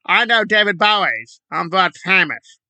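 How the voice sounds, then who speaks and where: A man putting on a shrill, melodramatic, self-pitying woman to mock her. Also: lively intonation, a little slow, pushed and bright, no room sound, exaggerated voice. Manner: shrieking, melodramatic mockery.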